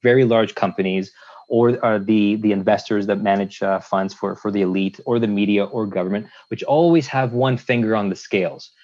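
A man from Canada, a lawyer guest on a podcast, building long measured points with analogies and restarts. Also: fairly low pitch, fairly even intonation, a little mellow. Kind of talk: casual conversational interview. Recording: dull lo-fi sound.

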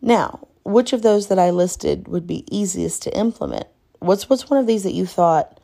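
A woman hosting an instructional podcast, talking calmly and conversationally, repeating key points and often checking in with "right?". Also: medium pitch, moderate pace, gravelly. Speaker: podcast host teaching caregivers.

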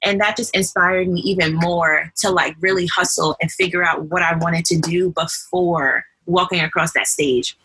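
A New York woman in her twenties, with a light accent, chats as a podcast guest and tells her stories with many fillers. Her fairly low voice is bright, forceful and breathy-edged, with fairly even intonation, a moderate pace and hardly any pauses. The audio quality is poor.

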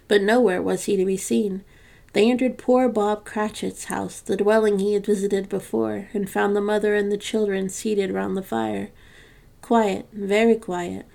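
A woman narrating a classic story for a podcast in a measured, gentle reading. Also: medium pitch, vocal fry.

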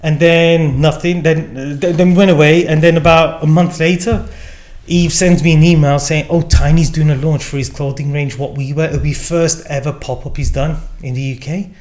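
Animated man telling a story. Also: on the high side, normal speed. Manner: animated storyteller acting out quoted dialogue, many fillers. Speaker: guest. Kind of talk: casual storytelling.

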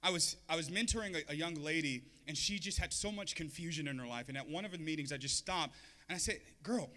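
A male pastor speaks quickly in a high, bright voice, preaching casually and slipping in jokes along the way. His sermon echoes with a long reverb that lingers across the hall.

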